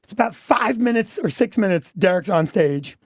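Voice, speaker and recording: A man's voice: high voice, animated, normal speed, slightly rough, no echo, clean studio sound. A middle-aged man, a comedy club owner, talking as a guest on a radio show and defending himself emphatically, often saying "listen" and "okay". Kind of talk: talk radio interview.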